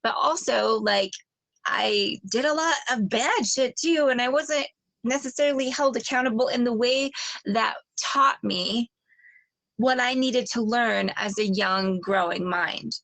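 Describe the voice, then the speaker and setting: A woman's voice: a little high, unhurried, vocal fry, fairly bright tone, no room sound. A woman in casual, reflective chat who hesitates and restarts her sentences often.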